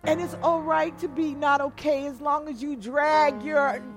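High-voiced impassioned woman preacher. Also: steady tone, measured pace. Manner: impassioned, swings from hushed to shouting; repetitive cadence. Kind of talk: altar call prayer and preaching. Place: church altar. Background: soft music.

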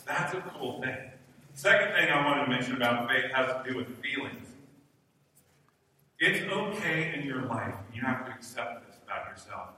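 Bright-voiced male pastor in echoey hall. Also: medium pitch, distant mic, a little hiss or hum. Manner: conversational and humorous preaching. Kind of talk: sermon.

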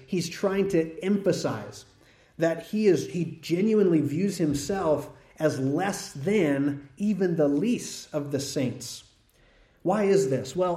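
Man preaching a sermon in a roomy hall. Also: a little high. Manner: conversational teaching, animated when telling a story. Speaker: pastor. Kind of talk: expository sermon.

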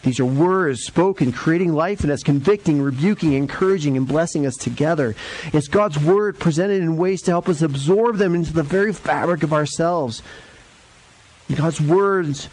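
A male pastor giving a conversational sermon in a church, jumping up and down in pitch to stress his points. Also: moderate pace, low-quality recording. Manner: conversational and lively, varies pitch for emphasis. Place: church sanctuary.

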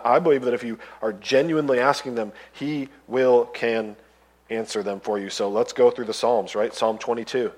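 A man in the middle of a sermon, speaking at an ordinary middle pitch. He moves between quiet reflection and loud, fervent appeals, with scripture readings woven through. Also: poor audio. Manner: preaching, rising to loud impassioned pleading; reads scripture aloud between remarks. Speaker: pastor.

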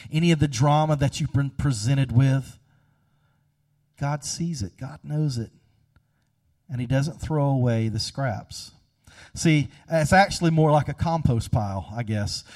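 A man preaching a sermon, telling a story and swinging between hushed, slow passages and loud, emphatic ones. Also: mid-range voice, recorded from a distance. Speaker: pastor.

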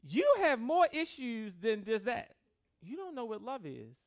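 Joking pastor with a gravelly, lively voice. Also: male voice, extremely high pitch, a little slow. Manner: joking, conversational, mimics congregation. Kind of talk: sermon.

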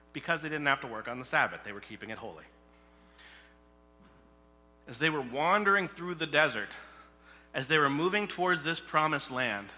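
A male preacher with a very bright, sharp-edged voice, talking through a sermon in a relaxed, chatty way and putting questions to the people in front of him. The sound carries a long echo from a large hall. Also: on the high side. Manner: conversational, asks the congregation questions. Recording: echoey hall.

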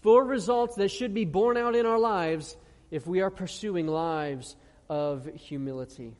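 Guy preaching, kinda high voice, long echo like a big church, slow emphatic bits and lots of "right?". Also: darkish tone. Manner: earnest preaching with rhetorical questions and slow emphatic scripture reading. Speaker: pastor. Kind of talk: sermon. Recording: long reverb of a large hall.

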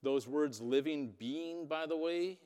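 A man preaching a sermon, telling a Bible story dramatically with loudness that rises and falls. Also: fairly high pitch, takes it slowly, clean tone. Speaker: pastor. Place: church hall. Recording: long reverb of a hall.

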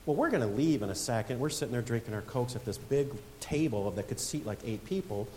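A man's voice: mid-range voice, animated, fairly quick, a little mellow. A man in his forties preaching a sermon as a pastor in a church, telling a story and building to emphatic points. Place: church sanctuary. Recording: long hall reverb with faint hiss.

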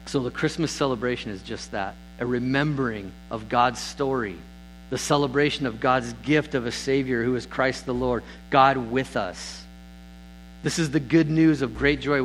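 A man's voice: moderate pace, a bit bright, low-quality recording. Male pastor, mid-range voice, earnest sermon delivery, faint mains hum on the recording. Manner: earnest, rises in pitch and volume on scripture readings.

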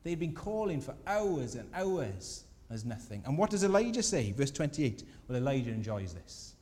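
A man preaching a sermon, telling a scripture story with lively voices for the people in it. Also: mid-range voice, normal speed. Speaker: pastor. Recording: long hall reverb.

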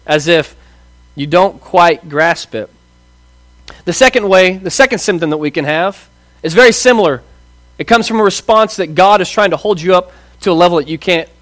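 A man's voice: high voice, fairly bright tone, dry recording. A man in his thirties preaching a conversational sermon, asking rhetorical questions and acting out voices. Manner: casual, asks rhetorical questions, acts out quoted voices. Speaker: pastor.

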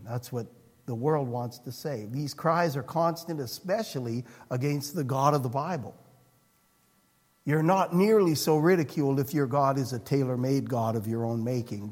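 A man preaching a sermon as pastor, earnest, moving between hushed and emphatic passages. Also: medium pitch. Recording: long reverb of a hall.

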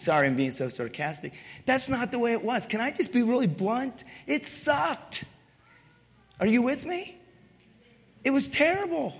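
High-voiced pastor preaching in an echoing hall. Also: male voice, normal speed. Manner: animated, conversational, acts out voices; asks the crowd for agreement. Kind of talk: sermon. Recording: long reverb in a large hall.

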